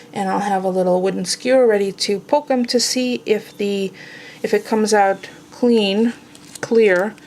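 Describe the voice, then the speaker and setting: Woman vlogging in her kitchen, chatty and joking, mid-pitch voice, bit of faint hiss. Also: darkish tone. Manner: chatty, self-teasing, talks while tasting. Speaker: home cooking vlogger. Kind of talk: casual cooking demonstration. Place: home kitchen.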